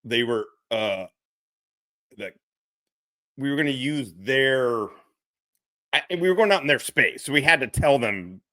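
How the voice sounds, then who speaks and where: A middle-aged podcast co-host tells a rambling, profane story, laughing as he goes and acting out the officers he quotes. His mid-range voice is animated and sharp, unhurried with frequent pauses, captured in clean, echo-free studio sound.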